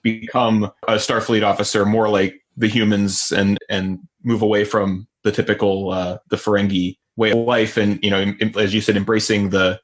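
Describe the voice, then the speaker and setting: A man's voice: on the low side, little pitch movement, normal speed, few pauses. A man co-hosting a podcast in casual chat, rambling with lots of restarts. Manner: rambling, many fillers and restarts. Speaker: podcast co-host.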